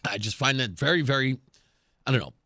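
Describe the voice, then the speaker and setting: A man's voice: mid-range voice, fairly quick, pushed and bright, no room sound, studio quality. A man hosting a talk radio show, giving sarcastic political commentary and laughing often. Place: radio studio.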